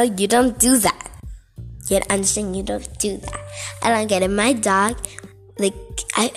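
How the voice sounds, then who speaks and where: A woman ranting casually to camera in a vlog, chatty and exasperated, full of "like" and "okay". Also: medium pitch. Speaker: vlogger.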